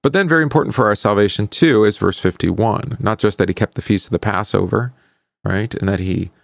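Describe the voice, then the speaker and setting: A pastor teaching a Bible class speaks in a low, gravelly voice, keeping it conversational and questioning and ending points with "right?" He halts and stumbles over fillers while recalling verses. The recording is dry and close, with no sense of a room.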